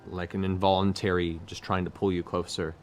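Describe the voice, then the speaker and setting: Deep-ish guy running a tabletop game, describing stuff slow with some uhs. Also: flat delivery, slight background noise. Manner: descriptive, hesitant fillers, measured. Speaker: game master.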